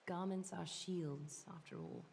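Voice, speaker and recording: A woman's voice: on the low side, fairly even intonation, a little slow, creaky, a little hiss or hum. Aglaya, a posh British noblewoman. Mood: soothing. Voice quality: posh, proper, soft-spoken. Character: poised, refined noblewoman weaver, calm and soothing. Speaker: game character. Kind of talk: video game voice acting. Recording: game audio with music behind.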